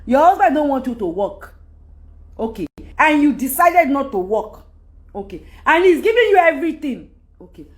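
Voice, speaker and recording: A woman's voice: sits high, very animated, moderate pace. A middle-aged Nigerian woman with a Nigerian accent, giving an emphatic, rambling monologue to her followers. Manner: emphatic, rambling, switches into Yoruba. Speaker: celebrity speaking to followers. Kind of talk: candid monologue.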